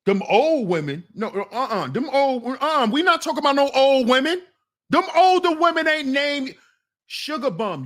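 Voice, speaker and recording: High-voiced scolding man ranting. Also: fairly bright tone. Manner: blunt, scolding, talks back to viewers. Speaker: commentary channel host. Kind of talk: casual commentary rant.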